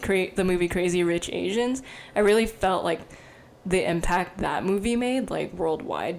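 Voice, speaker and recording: Young woman, lowish voice, chatty podcast cohost, lots of likes and ums. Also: a little mellow. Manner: chatty, many fillers, laughs often. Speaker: podcast co-host. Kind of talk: casual chat.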